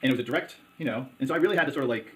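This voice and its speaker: A man, a local commissioner, talking in a conversational interview, halting often with fillers and restarts. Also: mid-range voice, fairly bright tone, low-quality recording. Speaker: hospital district commissioner.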